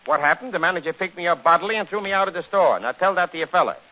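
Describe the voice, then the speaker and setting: Lively man, old radio comedy monologue. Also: high voice, racing. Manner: rambling, jokey storyteller with a lively, animated delivery. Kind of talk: comic monologue and one-sided phone sketch. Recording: dull lo-fi old radio recording with faint hiss.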